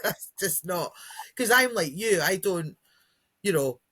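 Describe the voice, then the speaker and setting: A woman's voice: lowish voice, lively intonation, measured pace, a bit bright, slightly rough. A woman co-hosting a podcast as a dog trainer, chatting casually and acting out what dogs and kids might say. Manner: chatty, acts out dogs' and kids' voices. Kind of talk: casual chat.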